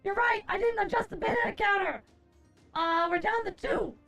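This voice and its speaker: A woman streamer chatting casually, answering chat aloud, groaning, swearing and expressive. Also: extremely high pitch, normal speed, gravelly, faint music behind. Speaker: livestreamer.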